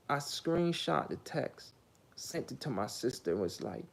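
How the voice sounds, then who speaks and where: A man tells a casual storytime monologue in a loose, rambling way. His voice has a steady gravelly fry and sits at a middle pitch. He is blunt and profane, and he fills his pauses with "um" and "like". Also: slight background noise. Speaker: vlogger.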